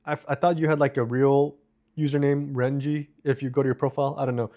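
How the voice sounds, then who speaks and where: A man's voice: mid-range voice, level tone, warm tone, dull audio. A man live streaming, reading and answering viewer comments in a casual, profane, rambling way. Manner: profane, rambling, quick asides.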